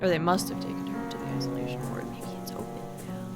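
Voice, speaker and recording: Low-voiced chatty woman streamer. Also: fairly even intonation, fast talker, loud music behind the voice. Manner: chatty, swears, talks to game characters. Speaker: streamer playing a horror game. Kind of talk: casual let's-play commentary.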